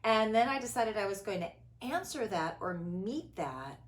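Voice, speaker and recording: A woman in her fifties who talks in a reflective, conversational way as a podcast host, acting out quoted voices and moving between loud and hushed tones. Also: mid-range voice. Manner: expressive, theatrical, quick shifts between loud and hushed. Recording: echoey room.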